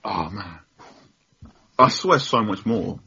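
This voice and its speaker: A man's voice: fairly low pitch, expressive, slow pace, pushed and bright, highs cut off. A young man, a football journalist as a guest, telling rambling, self-deprecating stories with frequent laughs. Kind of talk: casual storytelling interview.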